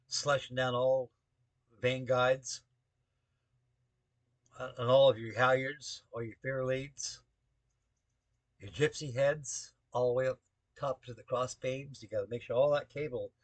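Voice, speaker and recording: A man's voice: medium pitch, fairly even intonation, measured pace, long pauses, no echo. An older man, a navy veteran, rambling through a spoken story to the camera with folksy, salty talk full of shipboard jargon.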